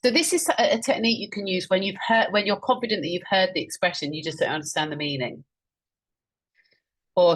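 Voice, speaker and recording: A woman's voice: medium pitch, brisk. A woman presenting an instructional webinar on a video call, speaking in an encouraging way and explaining points through examples she repeats back. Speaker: webinar presenter and communication trainer.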